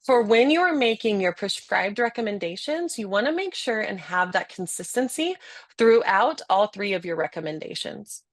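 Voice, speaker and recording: A woman in her thirties, a communication trainer, talking in a webinar conversation, animated and laughing often as she demonstrates speech patterns. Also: mid-range voice, normal speed, no room sound.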